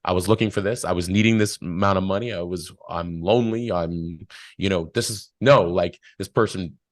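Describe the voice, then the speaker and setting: A man's voice: low voice, normal speed, no echo, studio quality. A man speaking as a podcast guest, giving earnest spiritual life advice in a rambling, storytelling way. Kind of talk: casual spiritual advice chat.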